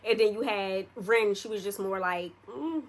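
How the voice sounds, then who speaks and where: A woman's voice: medium pitch, normal speed, a little hiss or hum. Chatty young woman telling a story. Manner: chatty, addresses viewers directly, slangy. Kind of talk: casual storytime monologue.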